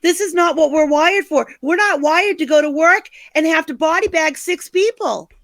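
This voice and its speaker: Very high-pitched and a bit bright, an older American woman speaks at a moderate pace in a dry recording. Co-hosting a podcast, she gives passionate opinions in a blunt, angry, emphatic manner.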